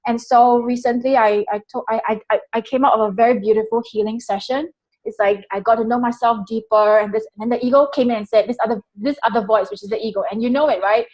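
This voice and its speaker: Animated, candid woman guest. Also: fairly high pitch, fast talker, rough recording. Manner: animated, swears freely, acts out her inner voice. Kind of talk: candid conversational storytelling.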